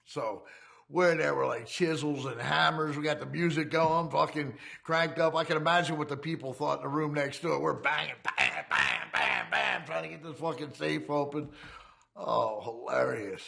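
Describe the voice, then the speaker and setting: A man with a deeply gravelly, fry-heavy voice recounts his past crimes in a loose, rambling way. He swears constantly and laughs at his own memories as the story spills out. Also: steady tone, moderate pace, fairly bright tone. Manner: profane, rambling, laughing often. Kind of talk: casual storytelling.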